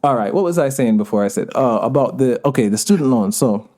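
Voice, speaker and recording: A man's voice: mid-range voice, animated, fast talker, warm tone. A man in his thirties with a Jamaican-tinged accent, a podcast guest making his point earnestly with digressions and laughs. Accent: Jamaican patois touches. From United States. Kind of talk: conversational interview.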